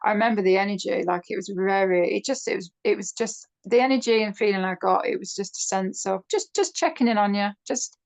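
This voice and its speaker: A middle-aged woman, a podcast guest telling a personal story in a chatty, animated way over a video call. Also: medium pitch, fairly quick, gravelly, few pauses. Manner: chatty, animated when quoting others. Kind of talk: casual storytelling interview.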